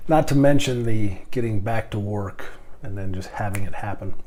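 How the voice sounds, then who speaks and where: A man's voice: on the low side, normal speed, mellow. Stammering, rambling man. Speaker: podcast host and airline captain. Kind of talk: casual monologue.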